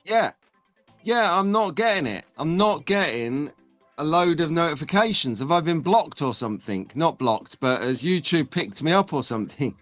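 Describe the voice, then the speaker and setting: A man's voice: a little high, lively intonation, moderate pace, a bit bright, dry recording, soft background music. A man hosting a casual live stream, chatting and joking with viewers, having just woken up. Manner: chatty, jokey banter with the chat. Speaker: host.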